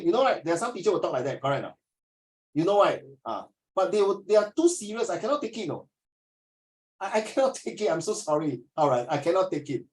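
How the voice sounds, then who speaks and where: Singaporean tutor, male, raised pitch, jokes around then gets stern, classroom lecture delivery. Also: lively intonation, fast talker, darkish tone, poor audio. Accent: Singaporean English.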